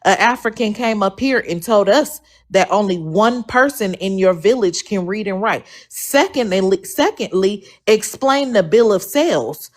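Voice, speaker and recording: A woman's voice: medium pitch, expressive, measured pace, few pauses. Blunt woman challenging on a panel. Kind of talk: heated panel debate.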